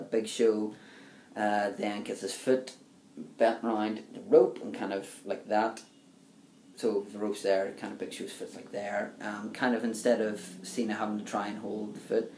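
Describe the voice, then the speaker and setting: A man's voice: on the low side, darkish tone. A young man casually reviewing a wrestling event for his video channel, rambling with plenty of ums and uhs. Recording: echoey room, faint background hiss.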